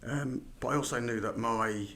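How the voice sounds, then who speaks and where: A middle-aged Englishman from London, his accent carrying a slight Midlands tinge, speaks at medium pitch and a moderate pace with background noise behind him. He's a recruitment founder appearing as a podcast guest, chatting casually in an interview and telling his story with plenty of restarts.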